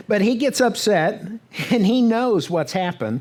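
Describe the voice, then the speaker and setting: A man's voice: sits high, lively intonation, darkish tone. A man preaching a church sermon in a conversational storytelling way, often checking in with the congregation and briefly acting out what the characters say. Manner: conversational storytelling with frequent "right?" asides; acts out the characters' words in quick bursts. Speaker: pastor. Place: church sanctuary.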